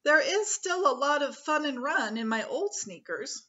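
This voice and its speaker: A woman's voice: high-pitched, lively intonation, normal speed, bright, forceful tone, highs cut off, pitched above the performer's own voice. A woman voicing an eager young male squirrel in a storybook.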